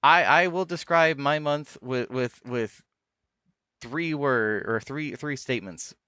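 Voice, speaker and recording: Smooth-voiced man chatting on stream. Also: mid-range voice, takes it slowly, no room sound. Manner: relaxed, enthusiastic, stumbles and restarts. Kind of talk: casual chat on a live stream.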